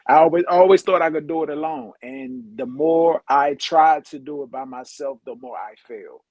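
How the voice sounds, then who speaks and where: A man co-hosting a casual faith podcast, speaking haltingly, repeating himself as he searches for words. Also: a little high, a little mellow, no echo. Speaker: podcast co-host.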